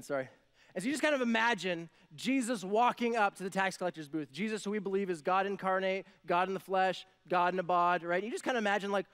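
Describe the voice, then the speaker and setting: High-voiced man giving a chatty sermon. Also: fairly bright tone, smooth. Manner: conversational, acts out voices of biblical characters, many "like" and "right?". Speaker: pastor.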